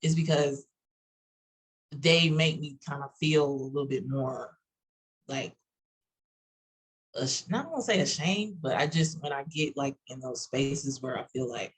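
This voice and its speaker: Texas-accented woman, husky and halting. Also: a bass voice, rough recording. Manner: halting, many restarts and fillers, warm drawl. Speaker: panelist. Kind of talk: casual panel chat.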